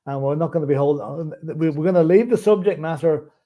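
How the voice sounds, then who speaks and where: A man's voice: on the high side, fairly quick, lo-fi sound. A man co-hosting a casual live stream, easygoing and outspoken, often stumbling on words, talking over a remote call. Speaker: co-host.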